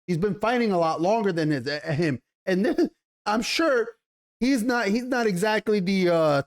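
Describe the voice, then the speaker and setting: A man giving a casual, animated TV episode review in slangy talk, often repeating himself. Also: sits high, normal speed. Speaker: TV show reviewer.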